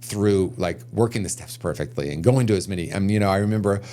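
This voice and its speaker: A man's voice: low voice, fast, mellow. A man speaking as a podcast guest on recovery, reflective and earnest, thinking aloud and often restarting his sentences. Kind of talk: conversational podcast interview.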